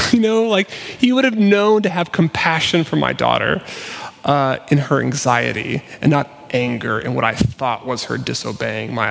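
A man's voice: medium pitch, gravelly. A male pastor giving a sermon in an earnest, conversational, self-deprecating way. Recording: long reverb of a church hall.

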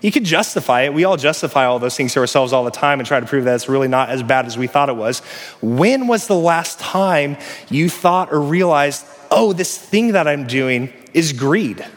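Conversational pastor in a reverberant hall. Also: male voice, mid-range voice, brisk, soft background music. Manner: conversational, animated storytelling, swells louder on emphasis. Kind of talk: sermon. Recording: long reverb of a large hall.

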